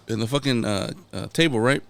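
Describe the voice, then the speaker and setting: A man's voice: mid-range voice, vocal fry. A man hosting a podcast, telling a rowdy story with lots of swearing and Spanish slang. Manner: profane, animated storyteller, switching between English and Spanish. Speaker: podcast host. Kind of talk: casual chat, telling a drunk story.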